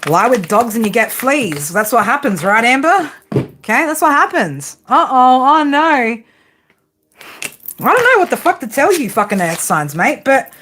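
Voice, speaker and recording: A woman's voice: a little high, big pitch swings, measured pace, fairly bright tone, a little hiss or hum. An Australian woman giving a casual tarot reading to her viewers, blunt, teasing and heavily profane. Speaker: tarot reader.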